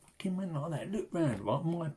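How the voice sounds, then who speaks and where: Husky-voiced man telling a story. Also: fairly high pitch, expressive, moderate pace, warm tone. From England. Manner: swears freely, rambling anecdotal delivery with restarts. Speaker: fishing channel host. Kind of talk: casual storytelling to camera.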